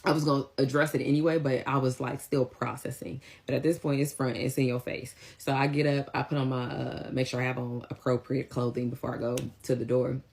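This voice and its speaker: A woman telling a personal story in a casual, animated, slangy way. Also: very deep voice, fairly quick, hardly any pauses. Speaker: vlogger.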